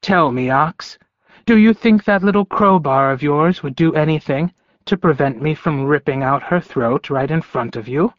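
A man voicing a cruel, taunting male werewolf leader with a sneering, drawn-out delivery in an audiobook. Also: a little high, no echo, lo-fi sound, lightly acted.

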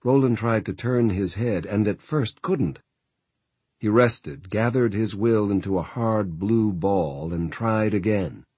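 A male narrator reads a novel in a steady, measured way. His voice sits very low and carries a husky grain. The sound is close and dry, as from a booth. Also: no echo. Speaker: audiobook narrator. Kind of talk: scripted narration.

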